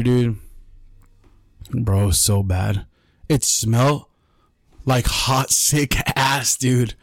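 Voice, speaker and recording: A man hosting a podcast spins a rambling story in loose, profane slang, with "bro" and "dude" sprinkled through every sentence. His voice sits at an ordinary pitch for a man, and the sound is dry and close with no room echo. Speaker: podcast host. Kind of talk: casual storytelling chat.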